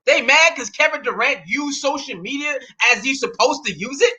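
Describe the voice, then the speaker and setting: A man's voice: extremely high pitch, very animated, moderate pace, hardly any pauses, pushed and bright. A man in his thirties hosting a heated solo sports rant, indignant and profane, firing off rhetorical questions. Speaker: sports talk host.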